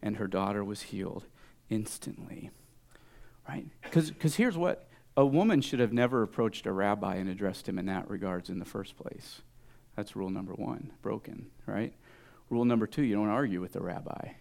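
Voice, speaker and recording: A man delivering a sermon in a gravelly, fry-tinged voice. He drops into near-whispers to stress a point, then swells into loud, punchy lines. He keeps tagging his points with a quick "right?" to the listeners. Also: fairly low pitch. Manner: swings from loud exclamations to hushed whispers for emphasis. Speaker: pastor.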